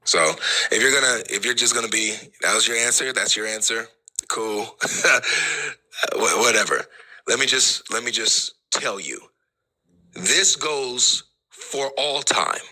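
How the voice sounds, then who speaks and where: A man arguing in a heated online debate, quick to interrupt and brushing off his opponent. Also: medium pitch, bright, forceful tone, poor audio. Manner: quick to interrupt, laughing dismissively. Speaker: debate host.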